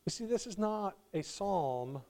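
A male pastor preaching a sermon, swinging from quiet reflection to loud, pleading emphasis, with warm laughs between points. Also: high-pitched, animated, measured pace.

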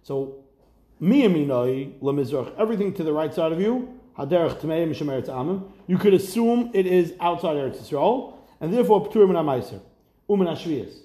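A man leads a Talmud class in a high, animated voice, tossing questions at his students and weaving Hebrew and Aramaic phrases into his English. The room echoes around him. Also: a little fast. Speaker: rabbi teaching Talmud.

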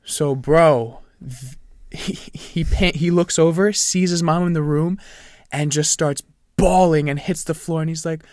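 A man's voice: a little high, measured pace, dry recording. Young man telling a story, dry close sound. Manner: animated storyteller, laughs at himself. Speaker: podcast co-host. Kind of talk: casual chat, storytelling.

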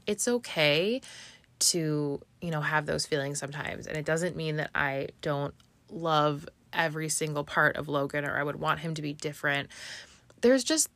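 A woman's voice: low voice, fairly bright tone, no echo. A woman in her thirties, a mother, telling a heartfelt personal story in a chatty way, with many fillers and restarts. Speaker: vlogger, mother.

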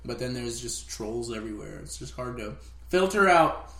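Hesitant co-host in an echoey room. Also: male voice, mid-range voice, normal speed, vocal fry. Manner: relaxed, hesitant, many fillers. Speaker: podcast co-host. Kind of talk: casual chat.

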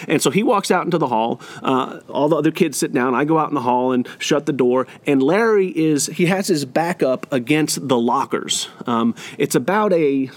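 A man's voice: a little high, normal speed. A man who used to be a teacher, telling a personal story and acting out the dialogue, with frequent restarts and fillers. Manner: animated, acts out the dialogue. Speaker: former teacher.

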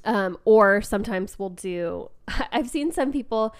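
A woman's voice: medium pitch, expressive, measured pace, clean tone. A woman co-hosting a podcast in casual chat, a little congested, speaking into a mic on a stand and filling her talk with "like" and "um". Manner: chatty, full of "like" and "um" fillers, laughs often. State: slightly congested. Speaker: podcast co-host. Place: indoor room at a small table. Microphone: microphone on a stand.

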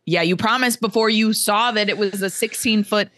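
A woman's voice: mid-range voice, normal speed, a bit bright. A woman co-hosting a podcast, chatting casually and laughing often as she retells a book chapter, acting out the characters' lines. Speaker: podcast co-host.

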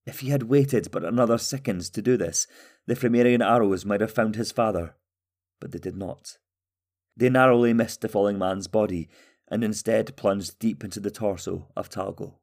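Low-voiced man narrating a fantasy tale. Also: normal speed. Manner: steady, even storytelling. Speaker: audiobook narrator.

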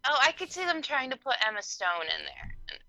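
A woman from Kentucky in casual chat as a podcast co-host, enthusiastic and quick to react, with strong opinions. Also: high voice, big pitch swings, vocal fry, bright, forceful tone, no room sound. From Kentucky, United States.

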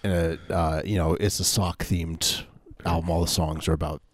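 Male co-host, very low voice, deadpan, lots of hesitant fillers. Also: normal speed, no echo, clean studio sound. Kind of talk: casual comedic chat.

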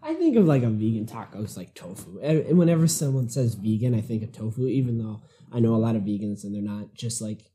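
Casual male podcast co-host, deep mellow tone, rambling and laughing easily. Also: animated, fast, hardly any pauses, faint music behind. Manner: rambling, filler-heavy, laughs often.

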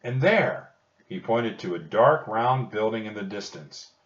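A man narrating a children's storybook audiobook in a slow, expressive storytelling manner. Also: fairly low pitch. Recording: dull distant recording.

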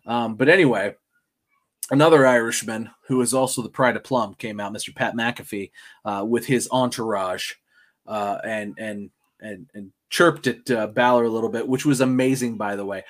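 Rambling excitable man on a podcast. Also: mid-range voice, normal speed. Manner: rambling, filler-heavy, excitable. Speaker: podcast co-host. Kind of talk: casual chat.

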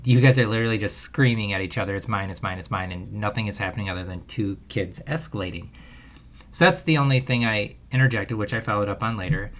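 A man's voice: fairly low pitch, fast, fairly bright tone. A man hosting a parenting podcast alone, telling a long story in a loose, rambling way and laughing at himself often. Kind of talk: casual solo podcast monologue.

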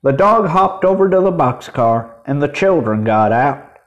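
A man reading a children's chapter book aloud, expressive and voicing the children. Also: on the high side, a little slow, lo-fi sound. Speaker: podcast reader.

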